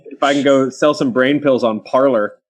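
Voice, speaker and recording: A man from Kentucky hosting a casual panel chat, talking in quick asides full of ums and restarts. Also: mid-range voice. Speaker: show host.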